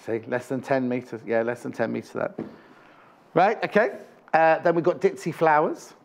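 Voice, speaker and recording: A man's voice: medium pitch, normal speed, creaky. A man presenting a live home shopping TV show, chatting about fabrics and prices with jokey, teasing asides in a studio. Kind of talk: live TV sales chat.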